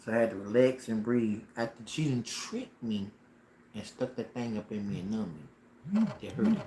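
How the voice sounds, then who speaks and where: A man telling a personal story on a casual livestream, dramatic and animated, with slang and sound effects. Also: fairly low pitch, moderate pace, background noise. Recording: roomy echo with faint ambience.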